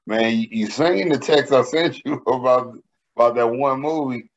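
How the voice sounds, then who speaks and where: A man co-hosting a podcast, telling stories in a profane, animated way during casual banter. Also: medium pitch, moderate pace, muffled recording. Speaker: podcast co-host.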